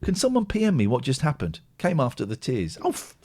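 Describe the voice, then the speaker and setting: A man's voice: mid-range voice, huge pitch swings, a little fast, darkish tone. A man hosts a live call-in stream, chatting loosely and reading out viewer comments. His voice rises and falls a lot as he talks. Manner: rambling, chatty, reads viewer comments aloud. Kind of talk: casual live-stream chat.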